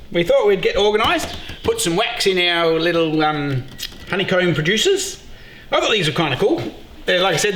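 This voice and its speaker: Excitable bloke, lively swinging pitch. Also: male voice. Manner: excitable, joking, swears freely. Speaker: beekeeper and show host. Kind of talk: casual vlog chat. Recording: echoey room with loud background noise.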